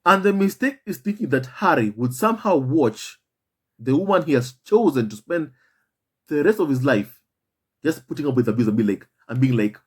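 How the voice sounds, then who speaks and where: Husky man giving impassioned commentary. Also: medium pitch, lively intonation, moderate pace. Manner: emphatic and repetitive, addresses viewers as "my family". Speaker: commentary channel host.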